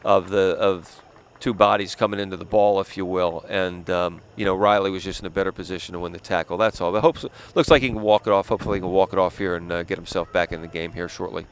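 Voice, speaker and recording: Lower-voiced man calling a soccer game. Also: steady tone, fast talker, hardly any pauses. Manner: explains plays, says "yep" and "uh" often. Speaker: play-by-play commentator. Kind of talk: local sports commentary. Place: outdoor soccer field. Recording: faint outdoor noise.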